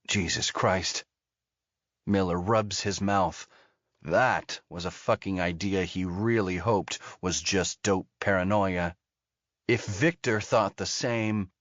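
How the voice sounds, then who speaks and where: A man narrating an audiobook thriller in an even, steady storytelling manner. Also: on the low side, no room sound. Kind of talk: scripted narration. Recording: dull lo-fi audio.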